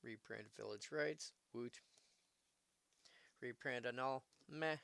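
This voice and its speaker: A man's voice: mid-range voice, slow pace, gravelly, pauses often, a bit bright. A man casually commenting on a live stream, reading card text aloud and adding musing asides. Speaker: streamer opening card packs.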